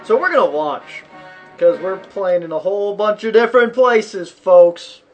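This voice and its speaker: A man's voice: high-pitched, lively intonation, unhurried, muffled recording, faint music behind. A young man co-hosting a podcast, chatting casually and jokingly while playing a video game. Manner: joking, rambling, loud outbursts. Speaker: podcast co-host. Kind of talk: casual gaming chat.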